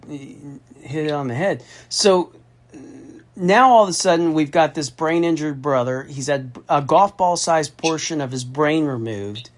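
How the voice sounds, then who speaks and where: A middle-aged man from Austin, Texas, telling a personal story in a phone conversation, candid, emphatic and often profane. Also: on the high side. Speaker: federal contracting consultant.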